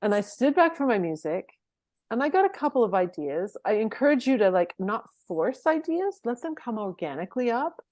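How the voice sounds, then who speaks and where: Animated middle-aged woman coach, dry sound. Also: a little high, moderate pace, no room sound. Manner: animated, laughs often between phrases. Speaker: performance coach, interview guest. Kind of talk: conversational interview storytelling.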